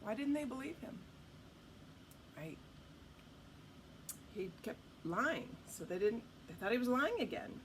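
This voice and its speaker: A woman's voice: fairly high pitch, a little slow, long pauses, a little hiss or hum. A woman reading a picture book aloud to children at storytime, stopping often to ask the listener questions. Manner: animated, asks the listener questions. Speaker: storytime reader.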